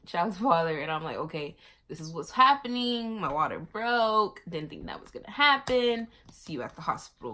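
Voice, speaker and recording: Young woman vlogger from Miami, casual storyteller, slightly low voice, dramatic swings when she quotes people. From Miami, USA. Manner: animated, acts out quoted lines with big swings in pitch and volume. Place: bedroom, sitting on her bed.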